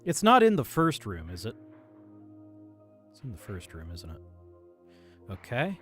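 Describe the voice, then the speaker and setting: A man streaming a game, muttering calming mantras to himself between bursts of frustrated swearing. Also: medium pitch, a little slow, husky. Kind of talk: live game commentary. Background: faint game music.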